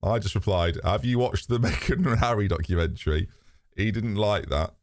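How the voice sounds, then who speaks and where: A man's voice: fairly low pitch, normal speed, darkish tone, no echo, studio quality. A British man hosting a live stream, chatting candidly to his viewers in a rambling way, swearing freely and laughing often. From Britain. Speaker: streamer and host. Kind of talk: casual live-stream chat.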